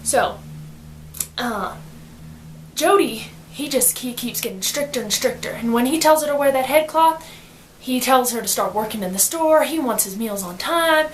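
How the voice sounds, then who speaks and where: A woman giving a casual book summary in slangy, animated storytelling, acting out quotes as she goes. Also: high-pitched, normal speed, slight background noise. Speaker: student reviewer.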